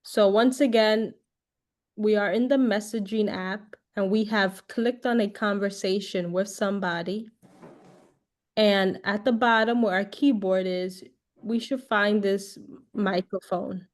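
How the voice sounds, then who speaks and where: A woman leads a relaxed online tech class, speaking in an easy, chatty way at an ordinary mid pitch. She repeats herself as she goes, drops in fillers, and checks in with her learners. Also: a little slow. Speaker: class instructor. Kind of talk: casual tech class teaching.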